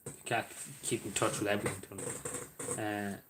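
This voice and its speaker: A man's voice: on the low side, little pitch movement, background noise. Rambling Irish man chatting on stream. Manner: rambling, halting, with many fillers and restarts; chatty and apologetic to viewers. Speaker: live streamer. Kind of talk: casual live-stream chat, answering viewers.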